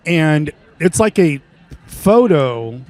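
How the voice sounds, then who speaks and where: A man with a high voice interviews a friend in loose, excitable banter. He piles up "I'm like" and breaks off mid-thought. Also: slow. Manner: excitable, lots of "I'm like" and trailing restarts. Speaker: podcast co-host. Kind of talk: casual banter, interviewing a guest. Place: sports bar.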